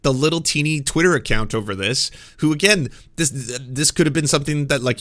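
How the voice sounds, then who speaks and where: A man's voice: mid-range voice, lively intonation, brisk, hardly any pauses. A man streamer giving a casual, impassioned commentary rant, profane and fired up. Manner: impassioned, profane, builds to yelling.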